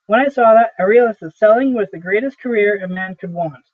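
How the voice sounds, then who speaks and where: A man's voice: sits high, a little fast. A man reading the part of an aging, weary male traveling salesman who pleads and rambles through his stories. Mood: earnest, nostalgic. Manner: earnest, rambling storytelling. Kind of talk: amateur play reading. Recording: tinny phone-like audio.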